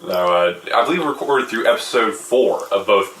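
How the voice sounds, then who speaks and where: A man hosting a podcast with a lively, laugh-filled manner. His voice sits low but sounds bright and forceful, and his pitch moves a lot. He is a little off the mic in a roomy space with faint noise. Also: brisk, distant mic. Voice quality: laughs often, lively delivery. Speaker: podcast host. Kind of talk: casual podcast chat.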